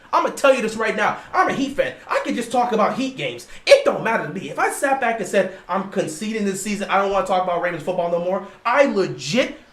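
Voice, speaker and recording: A man hosting a livestream, calling a football game live and lecturing his chat in an animated way. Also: sits high. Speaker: livestream host. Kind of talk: live game watch-along commentary. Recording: roomy echo.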